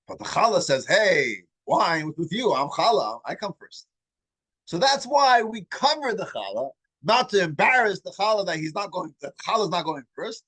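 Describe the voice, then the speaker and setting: A man teaching a weekly religious class, asking the group questions and telling stories in an animated way, often restarting his words. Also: on the high side, rough recording. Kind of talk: lesson with storytelling.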